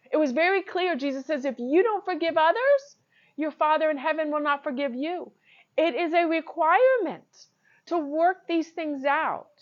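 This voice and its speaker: A woman's voice: sits high, lo-fi sound. A woman giving an informal, earnest sermon to camera, emphatic and laughing often. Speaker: Christian teacher.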